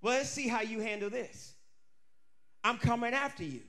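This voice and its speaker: A man's voice: very high-pitched, lively intonation, normal speed, bright, forceful tone, voice pushed down, full character voice. A preacher putting on a mocking, menacing queen. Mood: mocking threat. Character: scheming, threatening queen, mocking woman.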